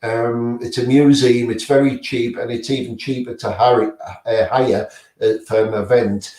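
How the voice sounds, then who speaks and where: A man's voice: mid-range voice, level tone, unhurried, a little mellow, distant mic. A man, a guest paranormal investigator, answering casually with many fillers and restarts. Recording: roomy sound, away from the mic.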